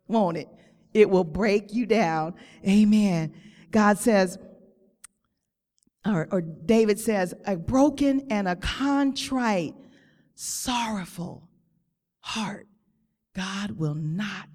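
A woman's voice: medium pitch, darkish tone, in a large hall. A woman preaching a sermon in a church, drawing out her words with emphasis and calling on the congregation. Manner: slow, drawn-out emphatic phrasing, call-and-response. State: close to tears.

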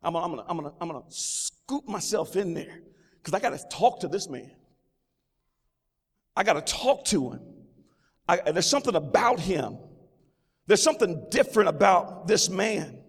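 A man's voice: high-pitched, lively intonation, moderate pace, long pauses, slightly rough. A man preaching a sermon as pastor, with exclamations of praise and repeated phrases. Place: church sanctuary. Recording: long reverb of a large hall.

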